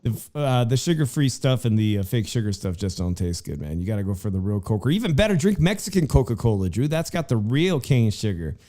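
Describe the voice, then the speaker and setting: A man's voice: lowish voice, very animated, a little fast, hardly any pauses, dark tone. Chatty man hosting a boxing show. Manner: chatty, filler-heavy, addresses co-host by name. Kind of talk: casual boxing talk.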